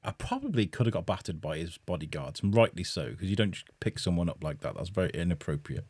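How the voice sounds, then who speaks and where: Man telling a lively story. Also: deep voice, fast talker, husky, no room sound, studio quality. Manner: animated, laughing while telling a story. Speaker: podcast guest.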